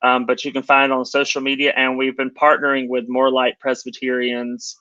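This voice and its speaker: A man's voice: medium pitch, monotone, a little fast, pushed and bright, clear, resonant tone, dry recording. A man co-hosting a livestream in a casual, upbeat way. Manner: upbeat, informal. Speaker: co-host. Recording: dry, muffled lo-fi sound.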